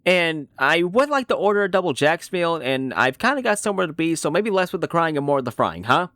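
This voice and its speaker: In a fan dub of an animated series, a man voices a cynical, washed-up middle-aged male horse, sounding bitter, sardonic, rambling, and self-deprecating. His pitch is fairly high and his pace a little fast, recorded in studio quality with no echo.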